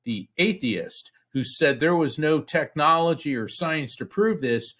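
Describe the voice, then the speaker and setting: A middle-aged man from Central Florida, a podcast guest telling a personal story in an earnest, halting way, with restarts, acting out the voices he quotes. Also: fairly high pitch, animated, a bit bright. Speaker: podcast guest, psychic medium. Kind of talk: storytelling in a casual interview.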